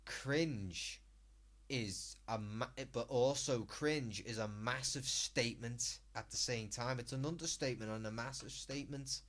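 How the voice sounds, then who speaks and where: A man's voice: medium pitch, measured pace, a bit bright. A British man streaming live, ranting and swearing as he reacts to a video.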